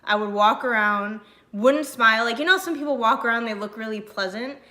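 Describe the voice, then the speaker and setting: A young woman streamer chatting casually with her viewers, animated and full of fillers, reading and answering chat messages. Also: a little high, fairly quick. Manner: chatty and animated, many fillers, laughs often.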